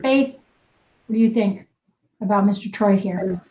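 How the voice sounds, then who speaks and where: A woman's voice: mid-range voice, unhurried, roomy sound, lo-fi sound, slight background noise. A woman wellness coach leading a group video call in an upbeat, teasing, blunt manner. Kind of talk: casual coaching chat.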